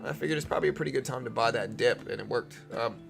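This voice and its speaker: A young man from Louisiana, USA, speaks in a mid-range voice with a slight Louisiana accent, racing along with vocal fry over music. He's casually hosting a trading livestream and answering questions from chat.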